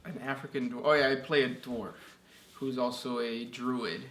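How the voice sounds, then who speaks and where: A man's voice: medium pitch, fairly even intonation, normal speed, a bit bright. A man co-hosting a casual chat and reading out listener questions in an easygoing way with many fillers. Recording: echoey room with faint noise.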